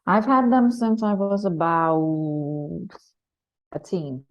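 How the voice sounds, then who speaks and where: A woman's voice: fairly low pitch, lively intonation, slow pace. A woman with a Danish English accent co-hosting a casual spiritual chat show, speaking in a playful, teasing way. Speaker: podcast co-host. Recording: dull lo-fi recording.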